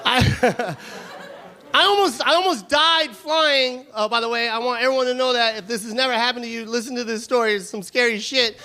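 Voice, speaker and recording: A male stand-up comedian performing a loud, animated, profane routine on stage. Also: very high voice, normal speed. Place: comedy venue stage before a live audience. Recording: live stage recording with crowd laughter and noise.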